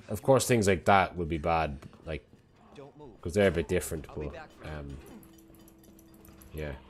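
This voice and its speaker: A man chatting casually on a live stream, rambling and swearing freely, often sounding exasperated. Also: low voice. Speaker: parent.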